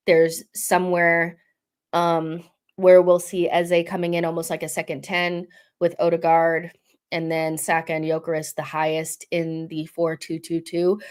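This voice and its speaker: A young woman with a low voice hosts a casual football live stream. She reads viewer comments aloud and teases the viewers back in a chatty, offhand way.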